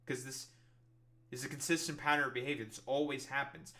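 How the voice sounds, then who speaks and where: A man's voice: medium pitch, steady tone, a little fast, pushed and bright. A man streaming and ranting in casual reaction commentary, swearing and mocking other people's voices.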